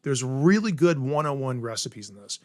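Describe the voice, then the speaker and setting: A man's voice: mid-range voice, expressive, normal speed, darkish tone, no echo, studio quality. A middle-aged man from South Carolina, a chef guest on an interview podcast, explaining cooking in an eager, step-by-step way and often checking in with "right?". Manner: enthusiastic, explains step by step with many "right?" tags. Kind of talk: casual interview chat.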